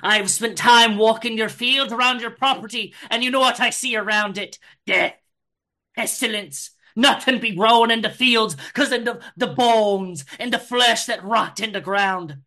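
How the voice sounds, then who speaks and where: A man's voice: high-pitched, normal speed, pushed and bright. A man voicing a zealous preacher who condemns a woman with archaic, fire-and-brimstone preaching. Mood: thundering, condemning.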